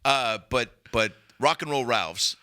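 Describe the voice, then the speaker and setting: A man on a podcast telling a long story as a comedian guest, animated and profane, rambling with restarts. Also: mid-range voice, slow, smooth.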